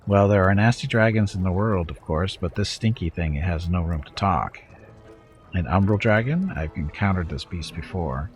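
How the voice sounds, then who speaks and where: A man's voice: low-pitched, moderate pace, soft background music, natural voice. A man playing a blunt, skeptical hero who questions a demon in a dry, matter-of-fact way.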